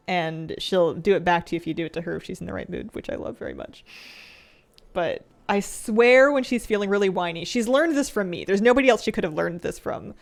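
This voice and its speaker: A young adult woman streaming a game, chatting casually and rambling, often laughing and trailing off into soft mumbles. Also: lowish voice, gravelly. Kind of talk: casual chat while gaming.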